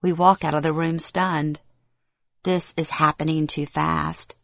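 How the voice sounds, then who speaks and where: Woman reading a memoir in a low, dry voice. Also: level tone, unhurried, vocal fry, no echo. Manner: present-tense storytelling, emotional acted dialogue. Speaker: memoir narrator. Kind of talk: first-person memoir reading.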